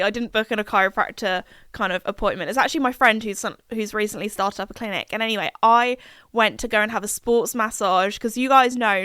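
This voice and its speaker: A woman's voice: mid-range voice, a bit bright, clear, resonant tone, dry recording, clean studio sound. Chatty young woman podcaster. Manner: chatty and rambling, many fillers. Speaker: podcast host. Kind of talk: casual chat.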